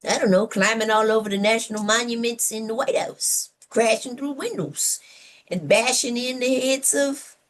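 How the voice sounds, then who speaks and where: A woman's voice: fairly high pitch, normal speed. A woman co-hosting a civic talk show, delivering opinionated commentary with sarcastic rhetorical questions and playful whoops.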